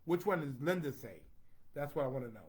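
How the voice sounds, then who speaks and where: Man hosting a casual livestream, playful and chatty, slightly high voice, reads comments aloud. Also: lively intonation, fairly quick, husky. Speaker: host reading viewer comments.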